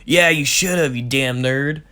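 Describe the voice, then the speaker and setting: A man voicing a bossy, hot-tempered teenage boy who scolds loudly and bluntly. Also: medium pitch, slow, clear, resonant tone. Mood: teasing. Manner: loud, scolding and brash.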